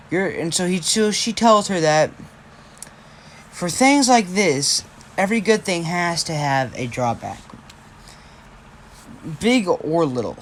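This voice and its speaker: A man's voice: on the high side, animated, unhurried, slight background noise. A man casually telling a fan-fiction story, rambling, restarting and swearing as he goes.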